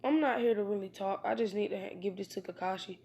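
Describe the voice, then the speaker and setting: A woman voicing a calm protective young ninja. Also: medium pitch, fast, natural voice. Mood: earnest. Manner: plain, steady, hesitant with fillers.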